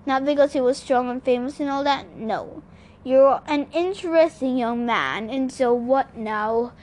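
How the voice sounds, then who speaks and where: A woman reading aloud and voicing a calm, easygoing male god disguised as a jogger, speaking in a relaxed, breezy way. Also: sits high, unhurried.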